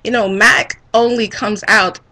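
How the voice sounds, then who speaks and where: Vlogger woman, sassy rant, slow-paced, bright tone. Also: medium pitch, rough recording. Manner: sassy, animated, laughs often. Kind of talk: casual rant to camera.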